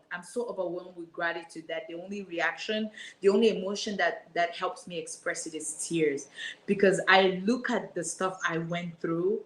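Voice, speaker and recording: A woman's voice: lowish voice, a bit bright, echoey room, low-quality recording. A woman in her thirties speaking as an interview guest, effusive and full of gratitude, often repeating her words as she talks. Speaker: guest, business owner. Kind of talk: emotional interview talk.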